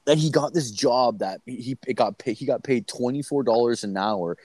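A man's voice: mid-range voice, moderate pace, darkish tone. A young man telling a story in casual, profane, rambling chat, full of fillers.

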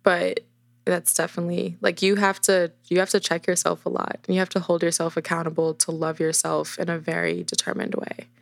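Woman guest opening up, earnest, lowish voice, dry close mic. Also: a little fast, creaky, dry recording. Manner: earnest, reflective, some restarts. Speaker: guest, dancer. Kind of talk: candid interview answers.

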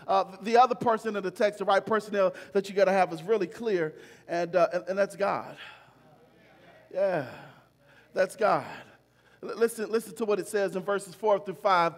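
A man's voice: very high-pitched, moderate pace. A male pastor preaching a sermon, emphatic and repeating phrases for stress. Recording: long reverb of a large hall.

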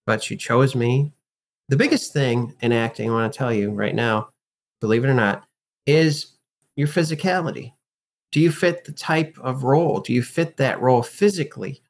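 A man's voice: mid-range voice, normal speed. A man talking as a guest in an interview, an acting and life coach who speaks emphatically and animatedly and teaches through rhetorical questions. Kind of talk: casual interview talk.

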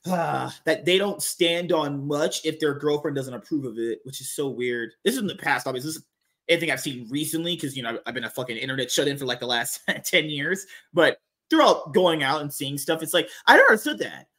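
Podcast host, man, slightly high voice, blunt and sarcastic, swears freely. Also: fairly quick, pushed and bright. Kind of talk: casual podcast chat.

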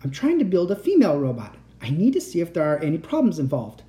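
A woman voicing an unstable male inventor uncle in a storybook reading, excitable and pleading, turning soft and menacing. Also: low-pitched, quick pace. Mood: eager. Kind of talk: storybook read-aloud.

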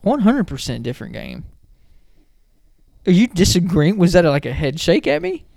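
Man, fairly high voice, very animated pitch, dry close mic, skeptical sports chat. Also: moderate pace, creaky, dry recording. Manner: skeptical, animated, laughs easily. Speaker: podcast co-host. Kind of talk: casual sports banter.

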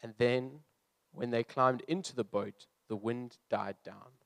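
A man's voice: medium pitch, a little slow, gravelly, a bit bright, no echo. A young man who is a youth leader, preaching earnestly and reading scripture aloud before explaining his points. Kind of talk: sermon.

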